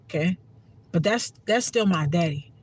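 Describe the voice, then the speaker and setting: A woman's voice: on the low side, lively intonation, normal speed, a little hiss or hum. A woman giving a heartfelt, profane casual monologue to her viewers as a spiritual content creator.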